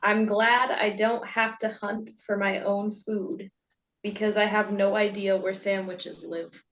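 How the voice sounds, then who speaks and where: A woman co-hosting a casual chat, reading out game phrases in a measured way. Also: mid-range voice, little pitch movement, muffled recording.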